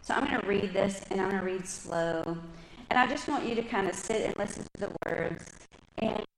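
A woman speaking at a women's church gathering, telling personal stories with a lively, chatty manner before a live audience. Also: medium pitch, a little fast, vocal fry. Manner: lively, chatty storytelling, talks with her hands. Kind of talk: personal testimony and scripture teaching. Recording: echoey room with faint background noise.

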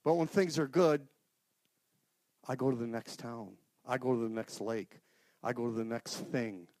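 A middle-aged man giving an informal, earnest sermon to a men's group, swinging from loud outbursts to hushed prayer. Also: medium pitch, unhurried, no echo, studio quality. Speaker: lay speaker at a men's gathering.

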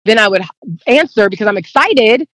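A woman's voice: a little high, expressive, a little fast, a bit bright, dry recording. Emotional woman recounting a breakup. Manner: rambling, acts out quoted dialogue; emotional, near tears. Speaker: guest. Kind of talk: casual storytelling.

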